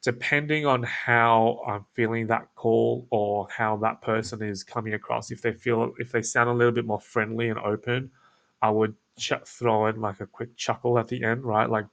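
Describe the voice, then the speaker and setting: Creaky laid-back Australian man. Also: normal speed. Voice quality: creaky, croaky low delivery. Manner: laid-back, toned-down, flat on purpose. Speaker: agency owner teaching cold calling. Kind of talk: casual instructional talk with demo lines.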